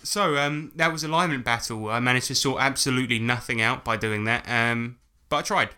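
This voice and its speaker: A man's voice: mid-range voice, a little fast, sharp tone, smooth. A man co-hosting a podcast in casual, jokey chat, laid-back and sweary with lots of "so, um". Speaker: podcast co-host.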